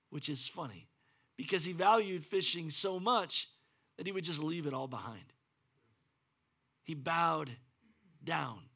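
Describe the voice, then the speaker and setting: Man, pastor, sermon, high voice, bright tone, animated delivery. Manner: animated, acts out the Bible quotes in varied voices. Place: church.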